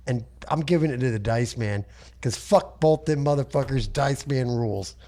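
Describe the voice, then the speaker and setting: A male podcast co-host tells a loose, rambling story in casual chat. He swears constantly and keeps a mid-pitched, everyday voice. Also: moderate pace, dark tone.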